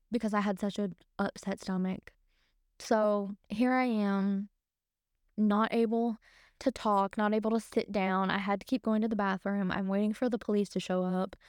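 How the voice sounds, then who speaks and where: Young woman on a podcast, telling a scary story all emotional, smooth clear voice, dry sound. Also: medium pitch, steady tone, normal speed, a little mellow, no room sound. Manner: emotional, retelling a frightening night. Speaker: podcast co-host. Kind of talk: casual storytelling.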